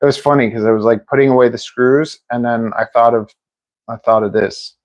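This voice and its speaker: Male streamer, casual and rambling, average pitch, at home. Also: steady tone, a little fast, lo-fi sound, a little hiss or hum. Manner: chatty, rambling, often restarts sentences and laughs at himself. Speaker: streamer and drone builder. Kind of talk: casual live-stream chat. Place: indoors at home, near a kitchen sink.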